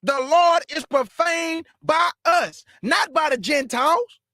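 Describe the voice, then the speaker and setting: A man with a strikingly high voice delivers a blunt, scolding sermon-style rant, jabbing at his listeners and breaking into shouts. The sound is dry and close, with no room around it. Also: takes it slowly, dry recording. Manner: bursts into shouts. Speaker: preacher and show host. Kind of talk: fiery street-style preaching rant.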